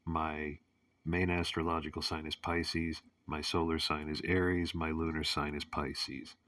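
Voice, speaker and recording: A man's voice: rumbling low, little pitch movement, a little slow, fairly bright tone, dry recording, recorded from a distance. A man hosting a casual monologue show, rambling with many fillers and restarts, and cracking crude jokes. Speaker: host.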